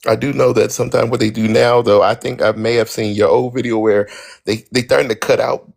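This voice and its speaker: Husky, gravelly man rambling on a live stream. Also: medium pitch, steady tone, brisk. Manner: rambling, repeats fillers. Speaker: livestream guest. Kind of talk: casual livestream chat.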